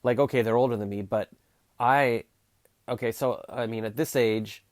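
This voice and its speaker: In studio-quality audio with no echo, a forties-aged Canadian vlogger responds to live chat, rambling, restarting, and tossing in wry sarcasm. His mid-range voice stays fairly even in intonation and moves at normal speed.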